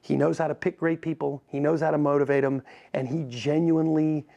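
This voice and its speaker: A man being interviewed as a racing team's president, telling animated stories with many quick restarts. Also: on the high side, gravelly, highs cut off. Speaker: racing team president, podcast guest. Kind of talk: conversational interview.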